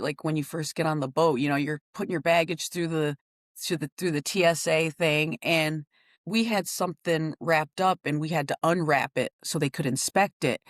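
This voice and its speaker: A middle-aged woman talks through everyday stories in relaxed podcast chat, her voice jumping up with animation and quick laughs. She sits at a middling pitch, slightly on the lower side. The sound is close and dry, with no room around it. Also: dry recording. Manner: animated storytelling, laughing often. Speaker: podcast co-host. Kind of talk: casual conversation.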